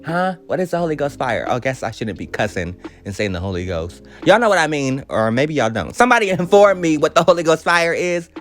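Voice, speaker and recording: A man's voice: fairly high pitch, sing-song, fairly quick, hardly any pauses, soft background music. A man hosting a casual reality TV recap, sassy and profane, laughing at himself and a bit out of breath. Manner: sassy, scattered, cusses freely, laughs often.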